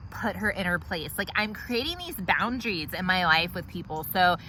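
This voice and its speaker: A woman's voice: on the low side, animated, moderate pace, sharp tone, slight background noise, low-quality recording. A woman playing an entitled, self-righteous woman who rambles indignantly through her complaints in a comedy sketch. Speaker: comedic character monologue. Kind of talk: comedy sketch monologue to camera.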